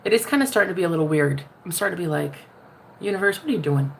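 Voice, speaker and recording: A woman's voice: fairly low pitch, animated, racing, vocal fry. Sassy lady vlogging, calls everyone honey, faint hiss behind her. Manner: sassy, talks straight to the viewer, calls them honey; laughs often, jumps between loud and hushed. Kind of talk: casual spiritual vlog rant.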